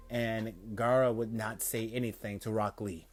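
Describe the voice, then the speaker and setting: A man casually narrating a fan-made story, excitable and often stumbling and correcting himself mid-sentence. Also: medium pitch, normal speed, soft background music.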